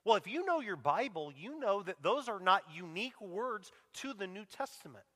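A man's voice: high-pitched, sing-song, normal speed, sharp tone. A middle-aged man preaching a sermon as a pastor, emotional and earnest, his voice sinking to a near-whisper at tender moments. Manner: emotional, drops to a near-whisper on quoted cries. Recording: long hall reverb.

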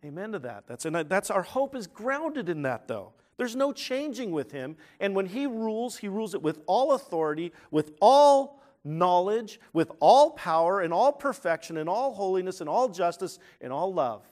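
A man preaching a sermon as pastor, emphatic, swelling loud on key words and often restarting his phrases. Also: high voice, big pitch swings, moderate pace, few pauses.

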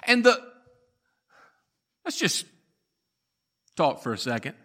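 Male pastor, high bright voice, preaching in a folksy storytelling style. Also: wildly swooping pitch, breathy edge. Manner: folksy storytelling with dramatic pauses. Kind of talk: sermon. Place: church.

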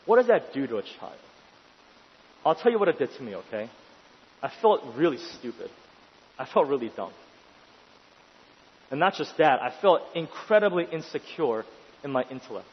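A man preaching a sermon with emphatic delivery, pushing his voice up into urgent questions and then dropping to a hush. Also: on the high side, very animated, normal speed, pauses often, husky. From New York City. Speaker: pastor. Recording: dull, lo-fi sound in a long-reverb hall.

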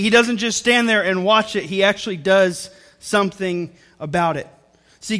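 Earnest high-voiced young pastor preaching. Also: male voice, a bit bright. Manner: earnest, repeats phrases for emphasis, talks to the congregation. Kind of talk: sermon. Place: church service before a congregation.

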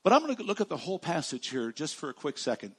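A man preaching a sermon as pastor, stressing words by repeating them and swinging from loud declarations to hushed, slow lines. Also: a little high, very animated, breathy edge.

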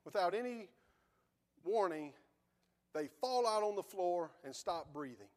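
A man's voice: high voice, expressive, measured pace. A man preaching a sermon in a church, fervent and folksy. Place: church sanctuary.

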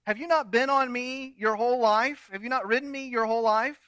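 A put-upon talking donkey, her voice pushed high and bright as a man preaching gives her lines. She pleads plainly with her rider, in a dry close sound with no room around it. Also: fairly quick, clear, resonant tone, no echo. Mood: pleading. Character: exasperated talking female donkey, plain-spoken.

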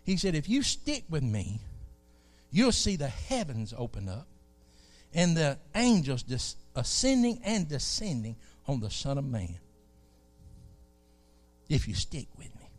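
Man with a South Alabama accent, folksy sermon delivery, lively and emphatic, light music under. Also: fairly high pitch, unhurried. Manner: folksy, animated preaching with rising emphasis. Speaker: preacher.

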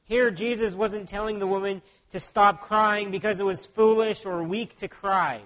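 A man with a notably high voice delivers a sermon as a pastor. He speaks earnestly and keeps turning to his listeners with rhetorical questions. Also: fairly even intonation, normal speed, fairly bright tone.

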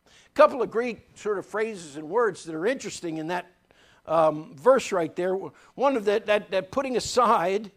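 A man's voice: high-pitched, expressive, normal speed, fairly bright tone. A man preaching a sermon as pastor, emphatic and folksy, repeating key phrases and telling stories from his own life. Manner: folksy, tells personal anecdotes.

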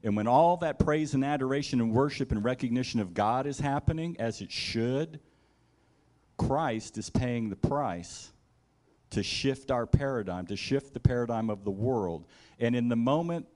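Man preaching with animated storytelling. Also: mid-range voice, normal speed. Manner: animated storytelling, acting out scenes in the first person; conversational, with asides like "right?". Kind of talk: sermon.

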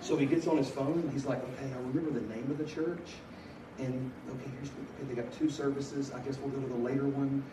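A middle-aged man preaching a story with humor, animated, shifting from loud bursts to hushed earnest telling. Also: mid-range voice, quick pace. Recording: echoey hall from far off, noisy.

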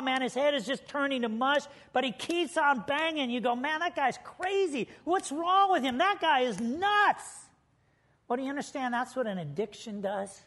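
High-voiced man preaching emphatically. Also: fairly bright tone. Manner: emphatic preaching, addressing listeners as friends. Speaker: pastor. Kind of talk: sermon.

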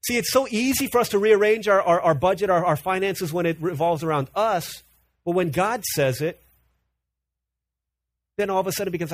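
Male pastor, sermon delivery, somewhat high pitch, animated and repetitive, dry recording. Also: fairly quick, pauses often, no echo. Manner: animated, repeats words when building a point.

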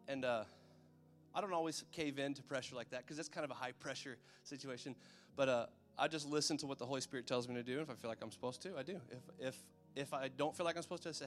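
Male preacher, easygoing and chatty, mid pitch, soft music bed. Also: fast talker. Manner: conversational, checks in with the audience. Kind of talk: sermon.

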